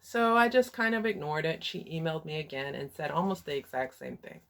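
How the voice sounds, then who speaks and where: Low-voiced Texan woman telling her story. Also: a little fast, gravelly, fairly bright tone. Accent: Texas. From Texas. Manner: frank, candid, hesitant with fillers. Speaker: vlogger and life coach. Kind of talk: personal storytelling vlog.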